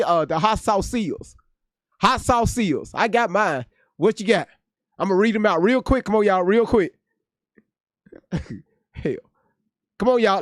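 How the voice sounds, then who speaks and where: A man's voice: high voice, no echo, studio quality. A man hosting a casual livestream, joking and cursing as he reads viewers' chat aloud. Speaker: livestream host reacting to news.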